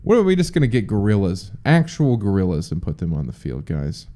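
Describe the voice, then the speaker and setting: A man's voice: on the low side, huge pitch swings, brisk, warm tone. A young man hosting a podcast alone, rambling casually with profane jokes and chatty asides. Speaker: podcast host. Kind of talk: casual solo podcast chat.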